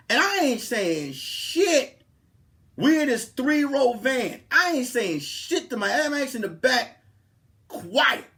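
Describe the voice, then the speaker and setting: A young comedian with a slightly high voice hosts a podcast and tells a comic story, acting out its characters. He is animated, swinging between loud outbursts and hushed asides.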